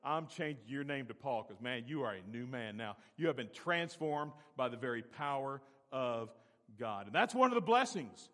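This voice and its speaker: A man's voice: mid-range voice, lively intonation, moderate pace. Preaching man in a reverberant hall. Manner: preaching with big swings from quiet to loud; repeats key phrases for emphasis. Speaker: pastor. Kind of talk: sermon.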